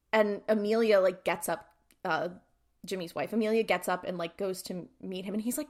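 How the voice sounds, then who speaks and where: This is a woman co-hosting a podcast in a loose, casual recap style. She retells scenes beat by beat, slipping into each character's lines with many filler "likes". Her voice sits in an ordinary middle pitch. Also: a little fast. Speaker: podcast co-host. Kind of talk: casual chat recapping a TV episode.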